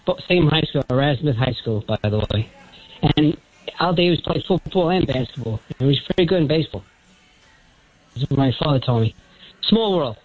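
An older retired man calling in on the phone, with a thin high "helium" voice, rambling from one topic to the next. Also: animated, normal speed, slightly rough, faint music behind. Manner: rambling, jumps between topics. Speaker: caller. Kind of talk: rambling call-in sports talk. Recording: muffled phone-line call.

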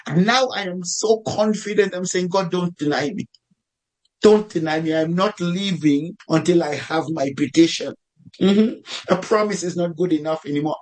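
A man's voice: a little high, low-quality recording. A man preaching a sermon in a fervent storytelling manner, repeating phrases for emphasis.

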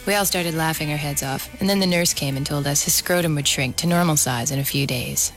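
A woman in her thirties reads her own essay aloud, measured and wry. Her voice sits a little low, and faint music plays behind her. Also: fairly bright tone. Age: 30s. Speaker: mother reading her own story. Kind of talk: reading a personal essay.

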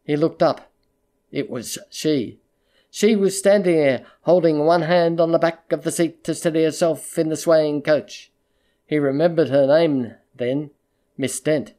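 A measured audiobook narrator reading literary fiction in a steady, mid-pitched voice. The delivery is even and controlled, with a pace that quickens and slows along with the story.

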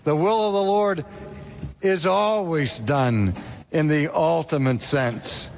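Male preacher, dramatic sermon delivery, a bit higher-pitched. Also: slow pace, creaky. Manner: dramatic storytelling, rhetorical questions.

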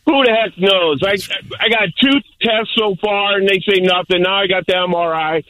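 An older man calling into a talk show, telling a rambling story in a gruff, joking way. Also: sits high, moderate pace, bright, forceful tone, poor audio. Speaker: caller. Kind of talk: casual phone-in chat.

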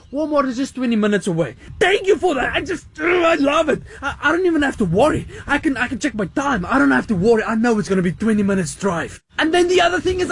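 A British man joking exuberantly in a social media video monologue. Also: very high voice. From Britain.

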